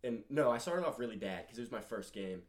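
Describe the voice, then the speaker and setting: A teenage boy co-hosting a podcast, telling animated, swearing stories in casual chat. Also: mid-range voice, quick pace. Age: teens. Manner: loud animated storytelling, swearing. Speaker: podcast co-host.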